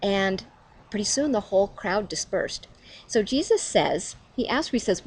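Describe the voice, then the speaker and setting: A woman's voice: mid-range voice, expressive, moderate pace, slight background noise. A middle-aged woman hosting a casual devotional video, talking chattily to camera at home and laughing at herself.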